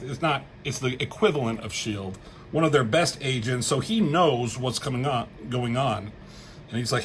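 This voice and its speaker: Man, rambling comic reviewer, fairly high voice, faint background hiss. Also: poor audio. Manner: rambling, excited, swears casually, acts out character lines.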